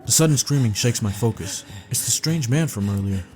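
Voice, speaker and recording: A man calmly narrating a first-person dream story for sleeping, in a steady, low-key way. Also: brisk. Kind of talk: calm bedtime story reading. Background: faint background music.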